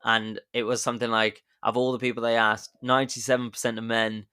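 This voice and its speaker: A man's voice: mid-range voice, flat delivery, a little fast, pushed and bright, clean tone. A man hosting a podcast, chatty and jokey, telling history as a casual story and laughing at his own jokes. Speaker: podcast host.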